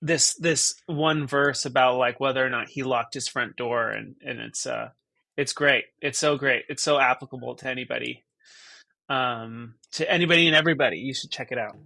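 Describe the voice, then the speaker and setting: A man's voice: mid-range voice, normal speed, gravelly, pushed and bright, no echo. A man in his thirties, a guest on a podcast, chatting casually in a rambling, stop-start way. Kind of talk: casual conversation.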